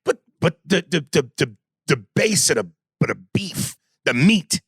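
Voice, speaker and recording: A man's voice: fairly high pitch, sing-song, a little slow, breathy edge, dry recording, clean studio sound. A man co-hosting a podcast, arguing heatedly, swearing and raising his voice to make his point. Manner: loud, profane, shouting and insistent in argument. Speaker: podcast co-host.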